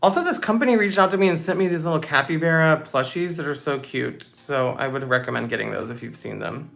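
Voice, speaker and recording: A young woman hosting a casual livestream Q&A, reading out chat comments in a bubbly, chatty way with quick asides. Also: low-pitched, expressive, creaky, fairly bright tone. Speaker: livestream host.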